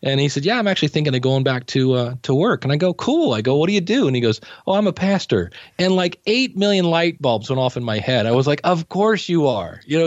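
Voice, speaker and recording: A man's voice: medium pitch, no echo. A man guest on a podcast, chatting casually and rambling through anecdotes, acting out what he said back then. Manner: rambling anecdotes, acting out his own past remarks. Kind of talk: casual storytelling conversation. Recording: dull dry lo-fi audio.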